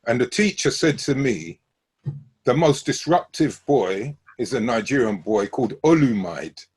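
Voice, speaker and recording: A man's voice: mid-range voice, expressive, measured pace, husky. A man hosting a conversational interview, telling long anecdotes and correcting himself as he goes. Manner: discursive, self-correcting anecdotes. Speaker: host.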